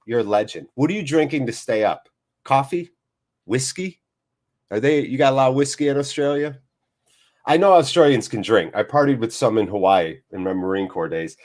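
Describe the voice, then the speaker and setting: A man's voice: mid-range voice, a little mellow. A man hosting a live football watchalong, chatting to viewers in an upbeat, jokey way and reading out their comments. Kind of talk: live-stream chat to viewers.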